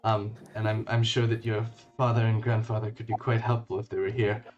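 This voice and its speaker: A man plays a wounded young shopkeeper in a tabletop game. He stammers, trails off and sounds winded from speaking. The voice sits fairly low, with faint music behind it. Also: flat delivery, fairly quick, muffled recording, close to an everyday voice. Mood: halting.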